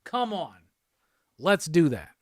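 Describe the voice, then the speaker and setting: A man hosting a live pop culture stream, chatting casually and reading viewer comments aloud with quick laughs. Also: a little high, sing-song, no room sound, clean studio sound. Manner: laid-back, chatty, quick laughs, reads chat aloud.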